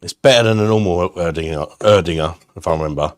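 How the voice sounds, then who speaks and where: Deep-voiced, sweary bloke. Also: male voice, fast talker, no room sound, studio quality. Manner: blunt, sweary and laughing, reads chat aloud. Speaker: beer reviewer hosting a live stream. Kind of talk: casual live-stream chat.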